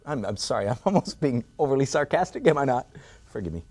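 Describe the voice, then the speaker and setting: A man's voice: medium pitch, very animated, quick pace, darkish tone, slightly rough. An older man gives a drawing lesson in an indoor studio. He talks in a playful, self-mocking way, with frequent rhetorical asides to the viewer. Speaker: art instructor.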